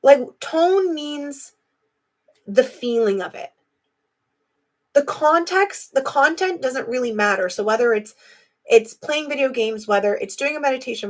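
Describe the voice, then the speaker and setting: Chatty woman hosting a live stream. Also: fairly high pitch. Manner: chatty, reflective, addresses viewers directly. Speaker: host of a live video. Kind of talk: casual live-stream talk.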